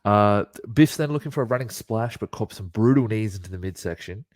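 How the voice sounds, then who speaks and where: A man's voice: lowish voice, expressive, a little fast, a little mellow, dry recording. A man co-hosting a podcast, recapping a wrestling match move by move and laughing often. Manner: play-by-play recap with frequent laughs. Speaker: podcast co-host.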